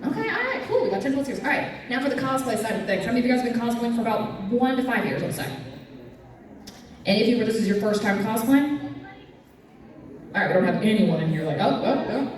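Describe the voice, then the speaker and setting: A woman's voice: fairly high pitch, quick pace, long pauses, darkish tone, distant mic. A woman hosting a live comedy panel, telling stories and acting out her own reactions in silly voices. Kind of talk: live stand-up storytelling at a convention panel. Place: convention panel room with audience. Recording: echoey room recorded from afar, audience noise. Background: audience chatter and laughter.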